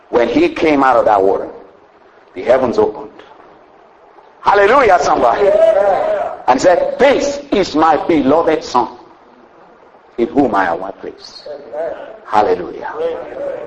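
A man's voice: mid-range voice, lo-fi sound, a little hiss or hum. A man preaching a sermon with a rising and falling cadence, often saying "you know" between phrases.

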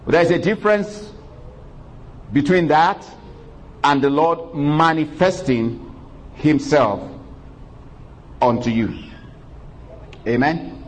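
A pastor preaching a sermon in a church, praying aloud, calling for amens and reading scripture in old-fashioned wording. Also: male voice, on the high side, poor audio. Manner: preacherly, drawn-out calls of praise and call-and-response.

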